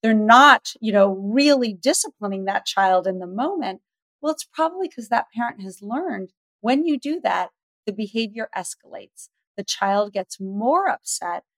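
A middle-aged woman speaking as the expert guest on a parenting podcast, telling stories lively and acting out the dialogue. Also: medium pitch, normal speed, no room sound. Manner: animated storyteller, acts out dialogue. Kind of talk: podcast interview.

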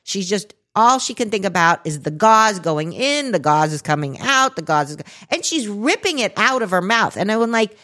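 A woman's voice: normal speed, few pauses. A woman in her forties, a podcast co-host, telling a story in casual chat and acting out the quotes. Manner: animated, acts out quotes with big pitch jumps.

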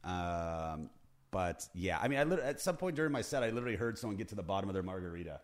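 A man co-hosting a podcast, a comedian, tossing in quick joking asides during casual chat. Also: low-pitched, lively intonation.

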